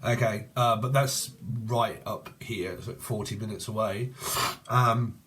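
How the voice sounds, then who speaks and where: A man's voice: lowish voice, fairly even intonation, unhurried, fairly bright tone. A man with an English accent giving a rambling tarot reading in a casual way, jumping between loose associations and crude jokes. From Cambridgeshire, England. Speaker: tarot reader.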